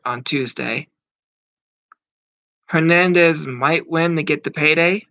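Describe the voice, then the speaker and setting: Bright and forceful, with a fairly high pitch, this man in his thirties delivers casual, wandering wrestling predictions as a commentator. He often uses fillers and swears casually. There's no echo in the muffled, dry, lo-fi recording.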